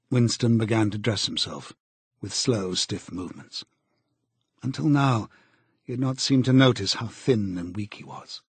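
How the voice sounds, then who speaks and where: Casting: male audiobook narrator, husky voice, grave and even, dry close recording. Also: lowish voice, measured pace, no room sound.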